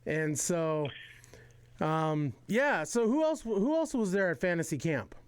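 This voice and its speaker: A male host in casual chat, relaxed and peppering his talk with "you know". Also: high-pitched, measured pace, smooth. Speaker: podcast host.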